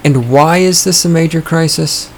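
Sarcastic ranting podcast host, voice going hoarse. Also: male voice, on the high side, moderate pace, a little hiss or hum. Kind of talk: casual opinionated podcast monologue. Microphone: studio microphone.

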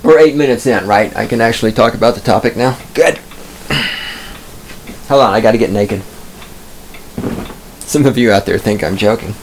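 A man's voice: fairly low pitch, moderate pace, gravelly, pauses often, noisy background. Profane, rambling male podcast host. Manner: profane, digressive, self-amused. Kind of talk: rambling comic monologue. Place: recording studio booth.

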